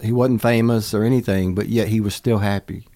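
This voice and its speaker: A man's voice: lowish voice, steady tone, fairly quick, mellow, no room sound. A man, the pastor of the group, chatting casually and retelling a story to draw a faith lesson. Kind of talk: casual church podcast chat.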